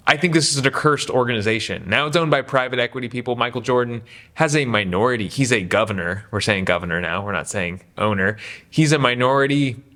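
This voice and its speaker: A man's voice: mid-range voice, bright, forceful tone. A young adult man giving a casual, rambling basketball opinion monologue for his channel, with self-deprecating asides. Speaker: sports commentary YouTuber.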